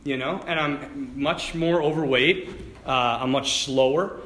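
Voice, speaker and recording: Lively man preaching in an echoey hall. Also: medium pitch, measured pace. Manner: animated storytelling with asides to the audience. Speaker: Catholic speaker. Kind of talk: lively faith talk to a live audience. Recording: echoey hall with faint ambience.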